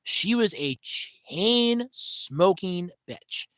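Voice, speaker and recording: Woman, podcast host, chatty, sarcastic, lively swooping pitch, dry close sound. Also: drawn-out words, no echo, rough recording. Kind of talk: casual solo storytelling.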